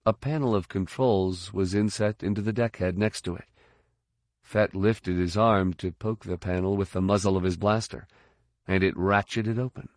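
A man reading an audiobook in measured, even scripted narration. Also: low-pitched, no room sound, clean studio sound.

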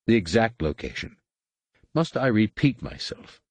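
A man voicing a mad, crippled alien master who swings between cold calm and shrill rage, in a husky, pitched-up voice. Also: a little slow, dry recording. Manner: erratic, imperious, shifting between calm and screeching.

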